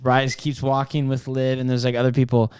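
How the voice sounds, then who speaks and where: Smooth-voiced man telling a rambling story. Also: medium pitch, completely flat delivery, brisk, a little mellow. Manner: rambling, many fillers and restarts. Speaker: podcast co-host. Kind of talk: casual storytelling.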